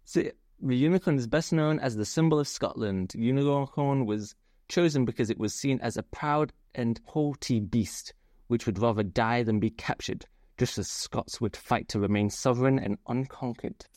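A woman's voice: very deep voice, normal speed, no echo, clean studio sound. A young woman co-hosting a casual podcast, chatting easily and reading out facts. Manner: relaxed, reads facts aloud. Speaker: podcast co-host. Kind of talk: casual chat.

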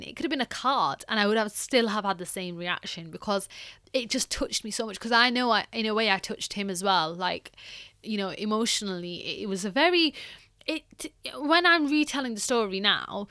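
A young woman tells a personal story on her podcast, her voice bright and clear. She talks in a loose, chatty way, leaning on filler words. The sound is close and dry, with no room around it. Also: medium pitch, dry recording. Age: young adult. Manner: chatty, heavy use of like and you know. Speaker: podcast host.

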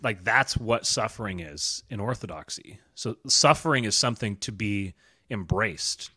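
A man, a podcast guest, telling a story in casual chat, earnest and halting with many restarts. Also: fairly low pitch, bright, forceful tone, dry recording, clean studio sound.

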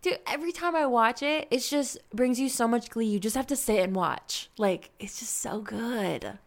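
A woman co-hosting a podcast, chatting casually in a slangy, excited way. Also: fairly high pitch, normal speed. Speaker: podcast co-host. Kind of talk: casual chat.

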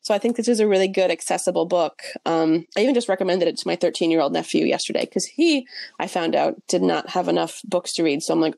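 A woman's voice: fairly low pitch, quick pace, vocal fry, darkish tone, no room sound. A young woman co-hosting a book podcast, chatting animatedly with lots of fillers and self-mocking asides. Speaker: podcast co-host reviewing books. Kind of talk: casual chat.

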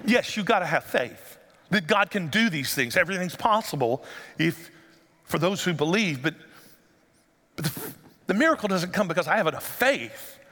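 A man preaching a lively sermon, his fairly high voice bright and ringing. He keeps throwing rhetorical questions at the congregation. The sound trails off into the long reverb of a church sanctuary. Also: normal speed. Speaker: pastor.

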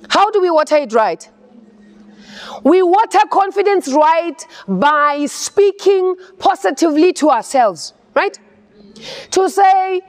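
A South African woman giving an emphatic motivational speech to a university audience, repeating phrases and building to shouts. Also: sits high. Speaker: motivational speaker. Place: large hall. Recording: long hall reverb, faint music behind.

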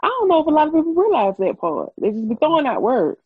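A woman's voice: sits high, huge pitch swings, quick pace, dry recording. A woman co-hosting a podcast in casual chat, with wry emphatic asides. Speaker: podcast co-host. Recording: dry, muffled video-call audio.

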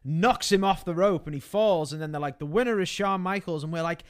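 A man co-hosting a casual podcast, telling animated stories with swearing and loud quoted outbursts. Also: high voice, brisk, clean tone. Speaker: podcast co-host. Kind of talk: casual banter.

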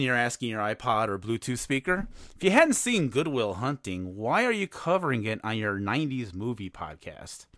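A man's voice: medium pitch, moderate pace, no room sound. Male podcast host, middle-aged, self-mocking scripted delivery; dry close-mic sound. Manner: wry, self-mocking, animated.

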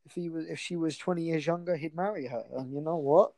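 A man's voice: a little high, fast, warm tone, no room sound, low-quality recording. A man co-hosting a casual chat, rambling and effusive, easily going off on tangents. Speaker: podcast co-host.

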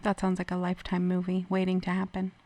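A woman's voice: lowish voice, monotone, a little mellow. A woman co-hosting a podcast, chatting and arguing back in casual banter with her partner. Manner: laughing, quick to argue back. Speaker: podcast co-host. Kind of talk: casual couple banter and story reading.

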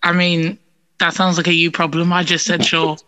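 A woman co-hosting a casual family podcast, with a dry, deadpan manner. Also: on the low side, moderate pace. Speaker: podcast co-host.

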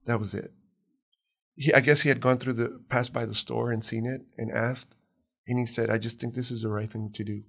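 A man, a guest on an interview show, telling his life story calmly and gently in a soft-spoken way. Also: mid-range voice, fairly quick, gravelly. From immigrant to New York. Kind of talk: conversational storytelling.

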